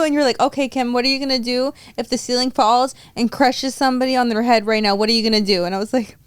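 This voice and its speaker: A woman's voice: fairly high pitch, steady tone, quick pace, few pauses, clean tone, no room sound. A woman hosting a podcast in casual chat, emotional and fond of acting out quoted lines. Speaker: podcast host.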